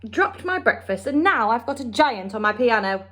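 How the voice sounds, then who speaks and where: A woman reading the part of a brisk, commanding queen, speaking in a regal, clipped way. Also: on the high side, very animated, fairly bright tone.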